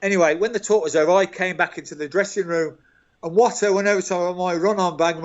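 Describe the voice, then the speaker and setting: A man's voice: high-pitched, fast. An older man with a Birmingham accent, a guest telling football dressing-room anecdotes with chuckles and lots of "mate". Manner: animated storyteller, chuckles through tales, calls people mate. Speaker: guest, former club staff. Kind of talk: anecdotal interview storytelling. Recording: dull lo-fi call audio.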